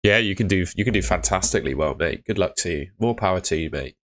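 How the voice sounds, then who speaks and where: A man's voice: deep voice, lively intonation, fast talker, fairly bright tone. A man hosting a casual live stream, chatting upbeat with viewers and greeting them by name. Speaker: livestream host.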